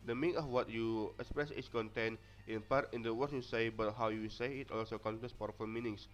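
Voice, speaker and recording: A young Indonesian man presents to his class, reading notes and often faltering or starting over, with faint music behind him. His voice is on the low side, steady and brisk, with an Indonesian accent from his native tongue. The recording is dull and lo-fi.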